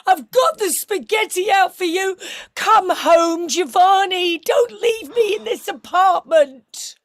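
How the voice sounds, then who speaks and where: A woman's voice: extremely high pitch, slow pace, heavily acted. Woman doing a smothering Italian mama. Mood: pleading. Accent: put-on Italian. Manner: smothering, melodramatic, pleading. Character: overbearing doting Italian mother, middle-aged woman. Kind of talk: improv scene.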